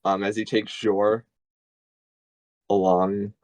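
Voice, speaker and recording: A man's voice: lowish voice, flat delivery, slow, a little mellow, dry recording, poor audio. A man running a tabletop game as game master, describing scenes casually with many fillers and restarts.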